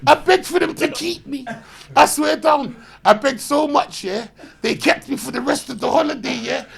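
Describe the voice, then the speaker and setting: A man, telling loud, slang-heavy, swearing stories as a podcast guest. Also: very high voice, normal speed, vocal fry. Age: 30s. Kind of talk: animated anecdote telling.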